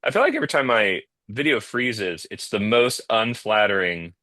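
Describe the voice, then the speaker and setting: A man's voice: on the low side, expressive, normal speed, sharp tone, no echo. A man chatting as a guest on a video call, rambling with lots of fillers and restarts. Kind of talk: casual video-call interview. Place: home in the North Jersey area.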